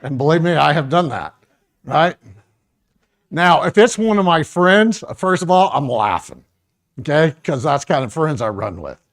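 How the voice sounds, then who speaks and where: A middle-aged man with a gravelly, fry-laden voice runs a first aid workshop for a live audience. He keeps it casual and joking, and keeps turning to talk straight to the people in front of him. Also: a little high, lively intonation, measured pace.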